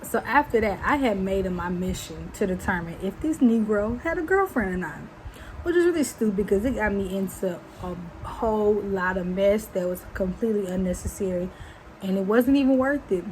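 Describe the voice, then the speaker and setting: A young woman, telling a casual storytime and acting out what people said in high voices. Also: moderate pace, a little hiss or hum, poor audio. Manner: animated, acts out quotes in high voices. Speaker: vlogger.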